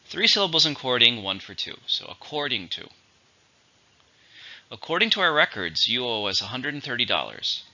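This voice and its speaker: A man's voice: mid-range voice, sing-song, normal speed, pushed and bright. A man teaching English vocabulary in a methodical way, saying each word, counting its syllables and giving an example sentence. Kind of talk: vocabulary lesson. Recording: dull lo-fi audio.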